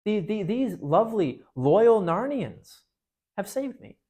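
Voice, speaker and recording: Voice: mid-range voice, sing-song, takes it slowly, mellow, voice pushed up. A storyteller voicing a desperate captive young prince, pleading in formal old-fashioned speech. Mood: mock-courteous. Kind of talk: storytelling to a group.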